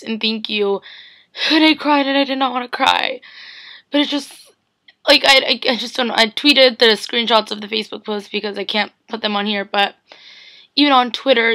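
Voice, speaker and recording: Tearful young woman vlogging, bright voice. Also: a little high. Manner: tearful, rambling, full of "like" fillers. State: teary, on the verge of crying. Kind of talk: emotional casual vlog.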